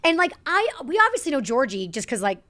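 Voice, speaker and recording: Rambling, animated woman podcast co-host. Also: high voice, fast. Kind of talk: casual chat.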